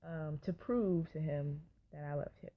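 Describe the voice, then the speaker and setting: A woman's voice: low-pitched, unhurried. A young woman, telling a personal story in a casual storytime vlog, chatty and full of asides to her viewers. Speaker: vlogger. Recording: dull lo-fi sound.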